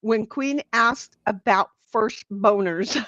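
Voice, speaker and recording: A woman hosting a livestream reads viewer comments aloud in a bawdy, giggly, teasing, casual chat. Her mid-range voice is a bit bright and she takes it slowly. The dull, lo-fi recording is dry with no room sound.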